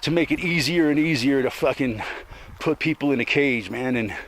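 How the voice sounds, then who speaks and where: A man from Colorado delivers a rambling, profane monologue, ranting angrily and closing many sentences with "man." His mid-range voice moves at a normal speed, with a little hiss or hum in the recording.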